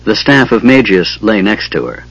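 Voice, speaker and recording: A man narrates a fantasy audiobook in a measured, dramatic way. His voice is low and husky, and the recording sounds dull and lo-fi. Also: very animated, fairly bright tone, dry recording.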